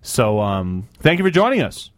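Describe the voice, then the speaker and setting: A man co-hosting a casual radio talk show, ranting in an animated way and leaping up in pitch when he mocks what people say. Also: moderate pace, no room sound, clean studio sound. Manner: animated, ranting, jumps up in pitch for mock quotes. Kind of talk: casual banter.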